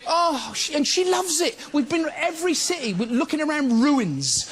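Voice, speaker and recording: A man's voice: very high voice, very animated, normal speed. A man telling comic stories as a chat-show guest, talking in a jumpy, nervous, giggly way. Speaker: comedian talk-show guest. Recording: loud noisy broadcast clip.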